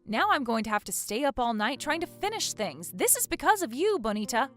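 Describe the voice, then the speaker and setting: A woman's voice: a little high, sing-song, fairly quick, fairly bright tone, soft background music. A woman playing a fed-up, exasperated wife in a dramatized story, talking indignantly. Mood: frustrated.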